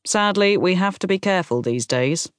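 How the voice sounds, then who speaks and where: A woman's voice: fairly low pitch, expressive, normal speed, clean tone, no echo, clean studio sound, pitched above the performer's own voice, natural voice. A woman voicing an earnest middle-aged man. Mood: welcoming. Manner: earnest, apologetic, eager. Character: man in his forties, tender and nervous.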